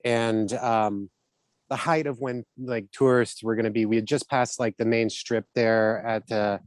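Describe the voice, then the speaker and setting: Lively middle-aged man telling stories, dry sound. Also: fairly low pitch, no echo. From Southern United States. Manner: animated, laughing storyteller. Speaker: actor guest. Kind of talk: casual interview storytelling.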